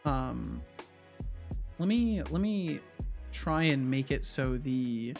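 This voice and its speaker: A man's voice: medium pitch, expressive, slow pace, vocal fry, soft background music. A man streaming as a game developer, chatting casually and thinking aloud with frequent restarts, easily startled. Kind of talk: casual live-coding chat.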